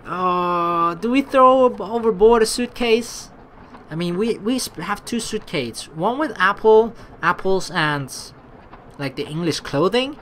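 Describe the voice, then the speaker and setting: Excitable let's-play gamer with a lively voice. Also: mid-range voice, a little slow, slight background noise. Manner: excitable, reacts with sudden outbursts. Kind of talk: reading game text aloud with commentary.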